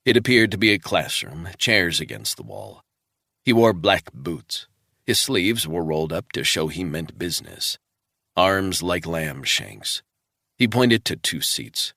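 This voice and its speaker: A male audiobook narrator with a very deep, gravelly voice. He tells the story in steady, measured scripted narration with lively movement in his pitch. The recording is close and completely dry. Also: dry recording.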